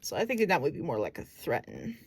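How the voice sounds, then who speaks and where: A woman's voice: low voice, wildly swooping pitch, brisk, gravelly, a little hiss or hum. A woman casually explaining her acting technique. She thinks aloud, searches for words and corrects herself as she goes. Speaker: acting student.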